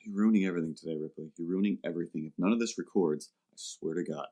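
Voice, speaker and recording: Talking at a quick pace, a deep-voiced man on a podcast spins a funny story in a comedic storytelling chat. He animates it by impersonating the quoted customers with jumpy voices.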